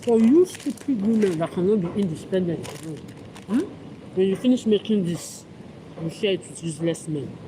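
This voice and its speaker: A woman's voice: medium pitch, expressive, moderate pace, background noise. A woman vlogger delivering an angry, accusatory monologue to camera in a ranting, contemptuous manner.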